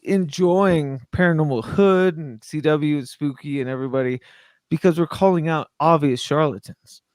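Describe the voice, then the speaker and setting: A man's voice: fairly high pitch, darkish tone, no room sound, clean studio sound. A man talking in a casual chat who rambles and stumbles over his words while he tries to explain an idea. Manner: rambling and halting, apologetic.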